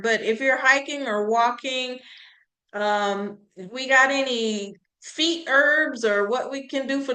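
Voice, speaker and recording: Bright-voiced woman chatting casually. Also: a little high. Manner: relaxed, chatty, laughs often. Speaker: co-host of herbal talk show. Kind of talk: casual chat.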